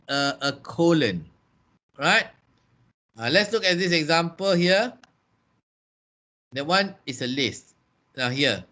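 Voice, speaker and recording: A man's voice: high voice, bright, forceful tone. A man teaching a class, explaining and repeating key points in a training room. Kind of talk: classroom lesson.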